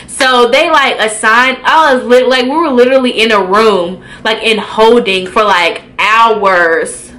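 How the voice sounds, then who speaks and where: A young woman vlogger telling a casual storytime, animated and profane, acting out her own reactions. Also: a little high, unhurried, hardly any pauses, rough recording. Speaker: beauty vlogger.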